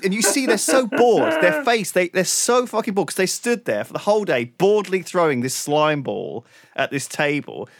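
Animated, swearing British man, dry sound. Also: fairly high pitch, dry recording. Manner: animated storytelling, heavy swearing, lots of "like" and "right?". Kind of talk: casual chat.

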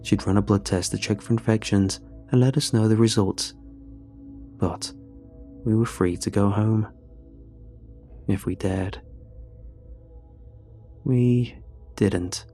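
A man narrating a horror story in a measured, somber way. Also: on the low side, steady tone, mellow, faint music behind.

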